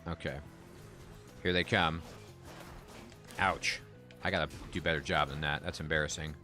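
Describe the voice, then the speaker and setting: A man's voice: a bass voice, steady tone, normal speed, sharp tone, soft background music. A man giving casual, chatty commentary while playing a video game and reacting aloud to the action. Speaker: game streamer.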